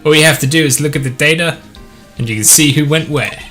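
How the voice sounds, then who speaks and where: A scruffy, good-natured video game detective who calls everyone pal and buddy, as a man puts him on. The voice is bright and forceful, with a folksy, easygoing delivery. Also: fairly high pitch, quick pace, soft background music, close to an everyday voice. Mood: gruff friendly.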